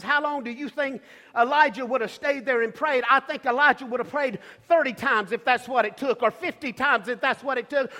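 A very high-pitched male preacher delivers a sermon in a church with long reverb. He is emphatic and repetitive, building up to shouts.

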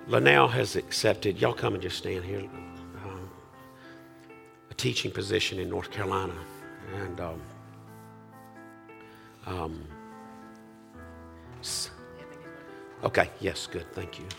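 A man pastor closing a church service with a farewell prayer, speaking earnestly, halting and restarting. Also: low-pitched, fairly even intonation, creaky, music in the background. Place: church sanctuary.

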